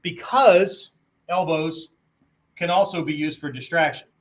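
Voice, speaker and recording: A man's voice: fairly high pitch, measured pace. A male martial arts instructor giving a lecture-style lesson. He keeps checking in with "right?" and "okay?" and sometimes acts out tones of voice. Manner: conversational, peppers sentences with "right?" and "okay?"; demonstrates tones of voice on quoted phrases.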